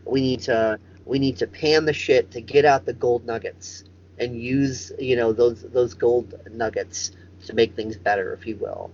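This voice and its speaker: A man's voice: medium pitch, steady tone, unhurried, darkish tone, muffled recording, slight background noise. A man hosting a comedic chat show over a video call, rambling and swearing for emphasis. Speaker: host.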